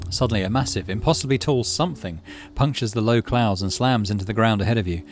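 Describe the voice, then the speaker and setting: A man's voice: lowish voice, fast talker, faint music behind. A man hosting a game playthrough, reading the game's text aloud and thinking through choices. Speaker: gaming channel host.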